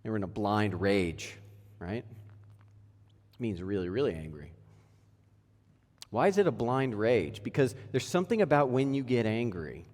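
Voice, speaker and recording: A man's voice: medium pitch, sing-song, a little slow, darkish tone. A man in his thirties preaching a sermon in a church, casual and conversational, full of rhetorical questions. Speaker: pastor. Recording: echoey church hall.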